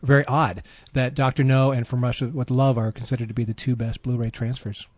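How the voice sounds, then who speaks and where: A man calmly sharing film facts in a casual group commentary. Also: medium pitch, a little fast, dry recording.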